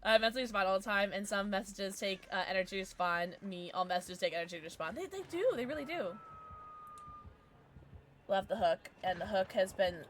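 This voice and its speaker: A young woman streaming a game live, chatting excitably with her viewers and reacting to the action. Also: medium pitch, a little fast, a little hiss or hum. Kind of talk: casual gaming livestream chat.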